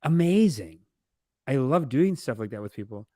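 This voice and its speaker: A man hosting a casual commentary stream, talking in an animated, rambling way with many fillers and quick asides. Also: medium pitch, dry recording, studio quality. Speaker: host. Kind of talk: casual commentary while watching a documentary.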